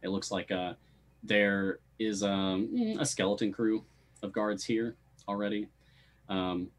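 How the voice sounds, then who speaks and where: A man narrating as game master of a tabletop game, relaxed with frequent hesitations. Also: lowish voice, measured pace.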